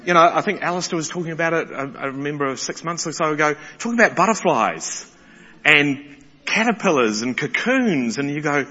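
Bright-voiced preacher. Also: male voice, fairly high pitch, brisk. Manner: animated, excitable, stumbling restarts. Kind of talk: sermon. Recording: muffled sound in a large reverberant hall.

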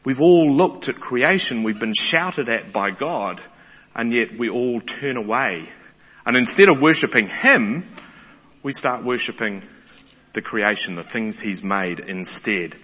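A man preaching a sermon, animated and excitable, often restarting his words. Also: mid-range voice, unhurried. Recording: muffled sound in a large reverberant hall.

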